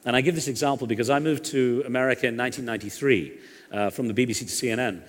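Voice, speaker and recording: A man's voice: medium pitch, racing. A middle-aged man, a guest journalist on stage, telling anecdotes and jokes in a chatty way. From England. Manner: chatty, joke-telling storyteller. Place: large stage hall. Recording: long reverb of a stage hall.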